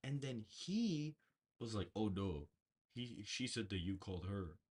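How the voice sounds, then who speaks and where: A man's voice: lowish voice, expressive, a little slow, a little mellow, husky. A man hosting a political livestream, talking casually and rambling through a story with frequent restarts. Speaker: political show host. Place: bedroom.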